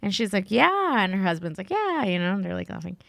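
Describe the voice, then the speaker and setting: Woman podcast guest, chatty storyteller, dry close sound, quotes people with lively voices. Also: fairly low pitch, rapid-fire, gravelly, no echo. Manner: says "like" and "right?" a lot. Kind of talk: casual chat.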